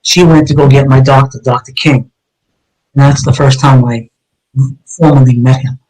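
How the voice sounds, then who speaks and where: A man's voice: medium pitch, fairly even intonation, moderate pace, darkish tone, rough recording. Earnest middle-aged man telling his story. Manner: earnest, vivid storyteller who acts out dialogue. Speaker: retired police detective, guest. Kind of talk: personal story told in a live interview.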